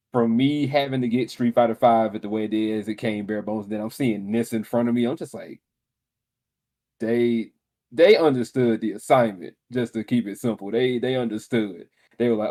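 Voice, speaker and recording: A man co-hosting a gaming podcast, chatting casually and telling stories in an excitable, animated way. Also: on the low side, normal speed. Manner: excitable, animated storytelling with laughs. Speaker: podcast co-host. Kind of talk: casual chat.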